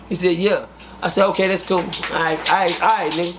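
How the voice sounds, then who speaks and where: A man, an interview guest, telling prison stories in a profane, animated way and acting out the dialogue. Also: high voice, a little fast, noisy background. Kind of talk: casual storytelling.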